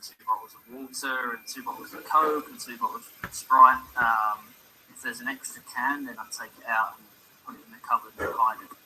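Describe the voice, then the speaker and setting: A man's voice: medium pitch, fairly even intonation, fairly quick, sharp tone, rough recording. A man talks casually with fillers, in an interview clip that is played back through a speaker. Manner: casual, hesitant speech with fillers. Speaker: clip of a famous sportsman in an interview. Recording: clip played from a speaker near the mic, with a faint hiss.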